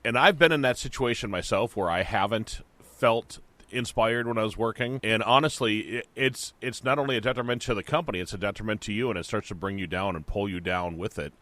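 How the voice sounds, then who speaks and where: Low-voiced man on a dry mic. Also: fairly quick, few pauses, no echo. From Minnesota. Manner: reflective, steady, speaks from personal experience. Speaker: podcast host. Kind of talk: casual podcast chat.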